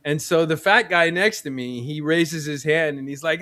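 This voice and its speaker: A man with a slightly high voice tells a story in a casual podcast chat. He is animated, swears freely and laughs as he goes. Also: moderate pace, hardly any pauses. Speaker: podcast co-host. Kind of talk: casual chat, anecdote telling.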